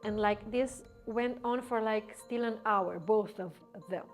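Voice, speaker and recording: A woman's voice: mid-range voice, a little slow, faint music behind. A woman vlogger casually retelling a personal story to the camera, rambling with many fillers and restarts.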